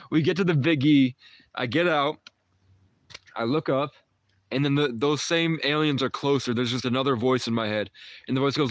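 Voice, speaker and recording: A man's voice: mid-range voice, normal speed, long pauses, no echo. Young man, livestream host, rambling casual story, lots of "like", dry close sound. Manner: rambling, uses "like" often, trails off and restarts. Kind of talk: casual storytelling to a live chat.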